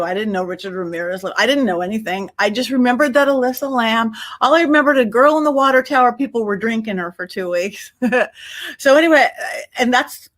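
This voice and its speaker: A woman guest on a podcast, telling a story in a lively, casual way and acting out her own quotes. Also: a little high. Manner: animated, acts out her own quotes, many restarts. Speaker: podcast guest, psychic medium.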